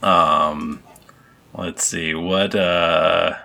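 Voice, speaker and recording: A man runs a tabletop game, speaking slowly and haltingly with frequent ums. His low voice has a gravelly rasp and a bright, forceful edge. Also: steady tone, a little hiss or hum. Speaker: game master.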